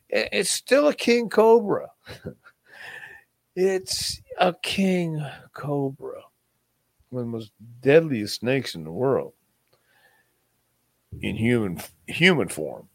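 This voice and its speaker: Male guest, mid-pitched, rambling anecdotal delivery with frequent restarts, dry close sound. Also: no echo. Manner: rambling, acts out quotes, many restarts. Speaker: interview guest. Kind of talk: casual storytelling interview.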